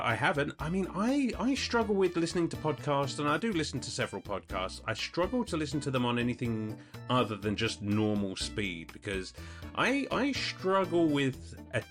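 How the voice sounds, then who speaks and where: A British man hosts a podcast and answers listener questions in a loose, chatty way. He rambles and keeps correcting himself as he goes. His voice sits at an ordinary middle pitch, and faint music plays behind him. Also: a bit bright. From United Kingdom. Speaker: podcast host.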